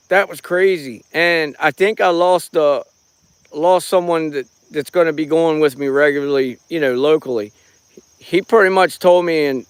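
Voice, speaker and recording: A man's voice: on the high side, smooth, dry recording. A middle-aged man live-streaming outdoors at night on a rural property. He holds his phone in his hand and chats in a rambling, folksy way, greeting viewers by name. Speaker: live-streaming paranormal watcher. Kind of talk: casual live stream chat. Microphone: handheld phone.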